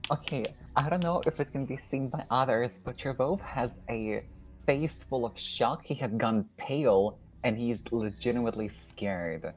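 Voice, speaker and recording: Very low-voiced woman playing a tabletop game. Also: darkish tone, faint music behind, low-quality recording. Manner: halting, with many fillers. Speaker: player. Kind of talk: casual tabletop game chat.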